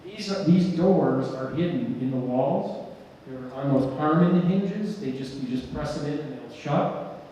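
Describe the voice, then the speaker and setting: A man, an architect, giving an animated talk at an event, telling stories and sometimes shouting and laughing. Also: on the high side, a little slow, a little hiss or hum. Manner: animated storyteller who shouts and laughs at slides. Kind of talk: conference presentation. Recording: echoey hall from far off.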